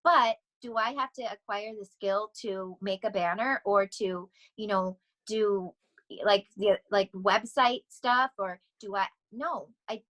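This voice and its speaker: A middle-aged woman talking casually as a podcast guest, rambling and animated, often laughing as she speaks. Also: medium pitch, measured pace, low-quality recording. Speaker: podcast guest, vocal coach. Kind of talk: casual interview chat.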